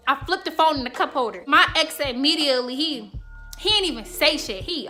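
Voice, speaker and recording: A woman in her twenties from the Chicago suburbs chats frankly and in slang, speaking straight to her viewers in a storytime vlog. Her voice sits a little high and rings bright and forceful. Light music plays quietly behind her. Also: lively intonation, a little fast. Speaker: YouTuber.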